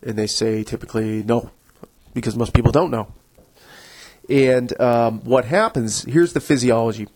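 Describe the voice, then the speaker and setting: A man's voice: mid-range voice, moderate pace, a little mellow, rough recording. A man hosting a podcast, explaining things in a casual, conversational way with frequent restarts. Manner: conversational, full of restarts, acts out inner voices. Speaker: podcast host.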